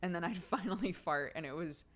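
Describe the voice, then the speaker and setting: A woman's voice: lowish voice, expressive, a little fast, fairly bright tone. A young woman streamer chatting casually with her viewers, giggly and rambling as she tells stories. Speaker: streamer host reading chat.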